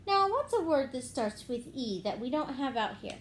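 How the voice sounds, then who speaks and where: A woman teacher giving a gentle phonics lesson to young children, clapping out words syllable by syllable. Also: sits high, sing-song, normal speed, slight background noise.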